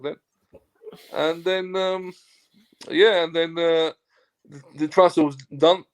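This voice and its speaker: A man's voice: fairly high pitch, takes it slowly, smooth. A man, a football agent as a guest, telling a story casually, acting out what others said and swearing freely. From Turkey. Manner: animated storyteller, swears, acts out dialogue.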